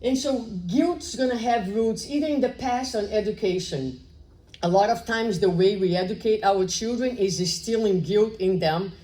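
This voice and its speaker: Her voice is medium-pitched and dark, moving at a normal speed through a low-quality recording. In this public spiritual lecture she talks conversationally, asks rhetorical questions, tacks on "right?", and dramatizes short dialogues from her story.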